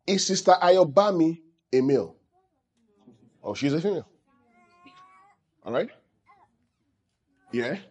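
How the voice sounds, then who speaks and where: A pastor gives a teaching sermon, frequently calling out questions to his congregation. His voice is fairly high-pitched and a little mellow.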